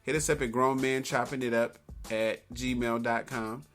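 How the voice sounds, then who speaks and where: Bright-voiced laid-back male podcast host. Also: medium pitch, steady tone, unhurried, faint music behind. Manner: laid-back, laughs often. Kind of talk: casual chat.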